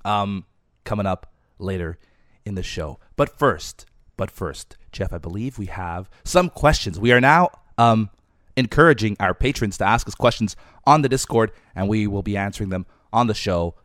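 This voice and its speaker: Soft-spoken man with a strained voice. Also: lowish voice, normal speed, dry recording, studio quality. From Canada. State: losing his voice, speaking softly. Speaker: podcast host. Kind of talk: casual podcast chat.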